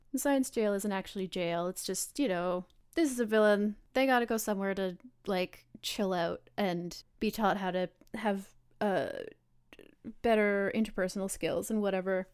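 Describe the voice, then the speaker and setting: A woman's voice: mid-range voice, clear, resonant tone. A woman narrating her superhero's actions as a player in a tabletop game, rambling and restarting. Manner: rambling, with restarts and soft asides.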